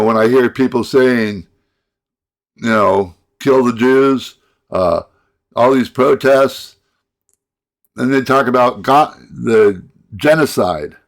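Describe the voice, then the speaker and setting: A middle-aged man in a rambling monologue rant, halting and repeating his words, breaking into sighs and angry outbursts. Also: mid-range voice. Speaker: vlogger.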